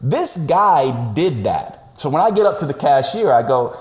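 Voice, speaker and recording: A man speaking as a podcast guest over a call, telling a story in an animated, emphatic way. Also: medium pitch, a little slow. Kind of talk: conversational storytelling. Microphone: remote call audio. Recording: roomy, echoey sound.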